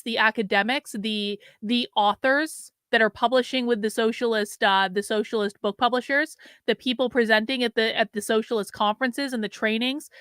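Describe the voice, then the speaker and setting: A woman hosting a livestream, talking back to her chat with a sarcastic edge and many quick restarts. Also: a little high, fairly bright tone, smooth, no echo. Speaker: show host. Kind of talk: livestream commentary.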